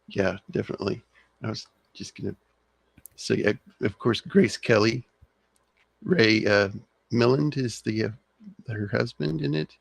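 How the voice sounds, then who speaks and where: Low, gravelly man hosting a movie chat. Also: dry recording. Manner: laid-back, halting, laughs often. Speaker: podcast host. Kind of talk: casual movie discussion.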